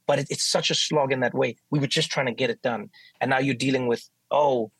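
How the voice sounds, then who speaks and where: South African man, husky, dry close sound, animated guest storyteller. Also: mid-range voice, fairly quick, no echo, rough recording. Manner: animated, acts out quoted voices. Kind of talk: casual interview storytelling.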